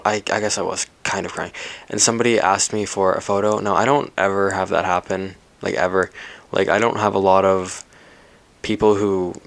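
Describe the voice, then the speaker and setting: Candid rambling young man, low voice. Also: gravelly, a bit bright. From Canada, British Columbia. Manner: rambling, candid, swears freely, lots of fillers and restarts. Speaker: podcast host. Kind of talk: casual solo podcast storytelling.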